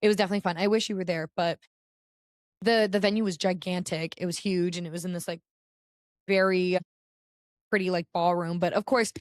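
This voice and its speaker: A woman's voice: lowish voice, fairly even intonation, fairly quick, long pauses, no echo, clean studio sound. A young American woman co-hosting a podcast, chatting casually with lots of filler words. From United States. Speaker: podcast co-host. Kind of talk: casual chat.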